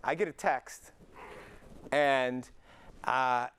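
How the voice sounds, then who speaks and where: A man's voice: medium pitch, extremely slow, clear, resonant tone. A middle-aged man, a chiropractor giving an anecdote-filled talk to peers at an event, acting out dialogue as he goes. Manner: animated storyteller acting out dialogue.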